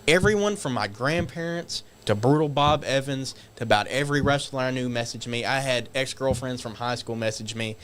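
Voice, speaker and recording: A man guest on a podcast, telling stories casually, animated and swearing, acting out shouted quotes. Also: medium pitch, a little fast, hardly any pauses. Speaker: guest wrestler. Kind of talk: casual storytelling.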